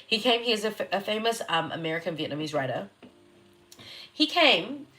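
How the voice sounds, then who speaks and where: A young woman astrologer hosts a live reading, chatting loosely in a bright, forceful, medium-pitched voice with big pitch swings at normal speed. Giggly and sweary, she reacts to viewer comments over soft background music.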